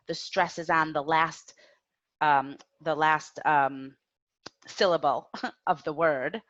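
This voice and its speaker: A woman teaching a grammar lesson, speaking slowly and clearly and having learners repeat after her. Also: lowish voice, bright, forceful tone, muffled recording. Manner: slow, clear, drills learners with repetition. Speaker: English teacher.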